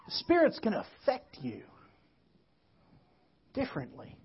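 A woman pastor preaching a sermon, telling stories and moving between quiet reflection and emphatic calls to the church. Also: a little high, huge pitch swings, measured pace, lo-fi sound, a little hiss or hum.

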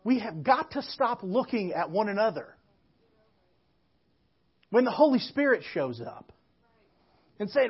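A woman pastor delivers a storytelling sermon, dropping low and quiet before rising into emphatic calls to her congregation. Her voice is husky and highly animated in pitch. The recording has a dull, lo-fi sound. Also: measured pace, long pauses.

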